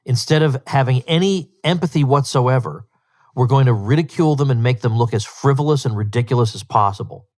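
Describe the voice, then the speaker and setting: A man's voice: medium pitch, a little fast, a little mellow. Emphatic, incredulous male podcast host. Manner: emphatic, incredulous, repeats phrases for stress. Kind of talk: solo podcast commentary.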